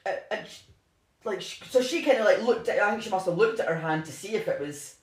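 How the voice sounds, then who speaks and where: A voice at a middling pitch, telling a true-crime story in a loose, chatty way. The telling rambles, with plenty of "like" and false starts. The recording has a noticeable echo from the room. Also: expressive, fairly quick. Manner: rambling, lots of "like" and restarts. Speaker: podcast co-host. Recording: roomy echo.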